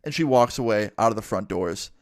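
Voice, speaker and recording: A man's voice: lowish voice, a little fast, dry recording. Young man telling a story, dry sound. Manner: animated retelling with casual swearing. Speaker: storytime vlogger. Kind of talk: casual storytelling.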